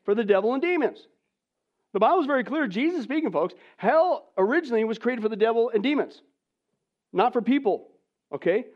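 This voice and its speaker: Dramatic high-voiced preacher, lo-fi. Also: male voice, animated, a little fast. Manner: dramatic, swinging from hushed near-whispers to loud emphatic preaching; addresses the audience as "folks", rhetorical questions. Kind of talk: sermon. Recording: dull lo-fi recording.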